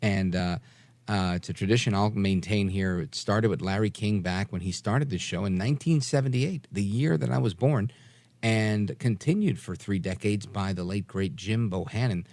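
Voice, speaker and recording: A fairly low-voiced man in his forties hosts late-night talk radio with a lightly softened New York accent. He speaks emphatically, with fillers and quick restarts, and the sound is close and dry. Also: dry recording. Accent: New York, mostly softened. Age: 40s. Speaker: radio talk show host.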